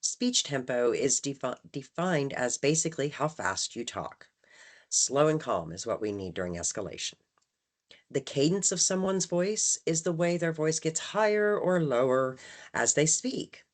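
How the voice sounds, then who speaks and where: A woman's voice: low voice, very animated, measured pace. A woman leading a staff training session, talking conversationally and often checking in with "right?". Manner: acts out phrases with shifting emphasis. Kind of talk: training presentation.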